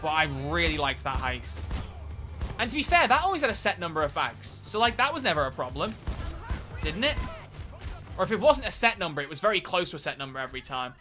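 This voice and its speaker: Brief: male game streamer, bright, fairly high voice, rambling live commentary with light music under it. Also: very animated, fairly quick. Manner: rambling, chatty, self-mocking.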